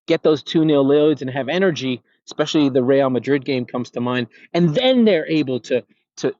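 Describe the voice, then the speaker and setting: A man's voice: on the high side, a little mellow, dry recording, highs cut off. A man hosting a football podcast, talking through a solo analysis in a passionate, rambling way with restarts, recorded outdoors on a golf course. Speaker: podcast host.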